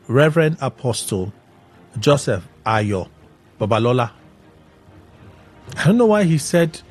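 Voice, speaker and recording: A man hosting a radio show, recapping in an animated, exclaiming way. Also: medium pitch. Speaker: radio host. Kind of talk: casual radio commentary.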